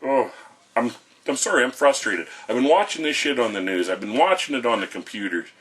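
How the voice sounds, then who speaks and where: A man's voice: mid-range voice, lively intonation, brisk, fairly bright tone, slightly rough. A middle-aged man, delivering an angry, profane rant to camera in a blunt, lecturing way.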